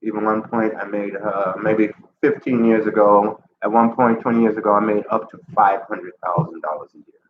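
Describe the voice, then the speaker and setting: A man's voice: on the low side, normal speed. Middle-aged guy from jamaica, laid back rambly vlog talk, echoey muffled sound with lots of noise behind. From Jamaica, raised in Chicago. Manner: relaxed, rambling, repeats phrases. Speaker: vlogger. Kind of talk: casual personal vlog. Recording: echoey, dull, noisy ambience.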